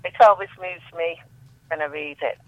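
A woman on the phone reading her poems aloud with measured, emphatic delivery. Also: sits low, no room sound. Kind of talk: poetry reading over the phone. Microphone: telephone. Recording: tinny dry phone line.

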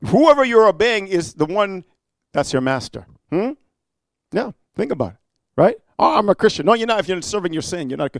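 A middle-aged man preaching a fiery sermon, dropping quiet for his stories, then rising to loud exhortation with frequent "amen" and "huh?". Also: high voice, sing-song, moderate pace, gravelly, dry recording.

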